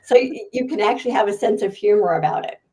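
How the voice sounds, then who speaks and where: Woman, podcast guest, mellow dark voice, chatty and animated. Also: mid-range voice, fast. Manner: chatty, animated, laughs often. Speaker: guest author and speaker. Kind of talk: podcast interview answer.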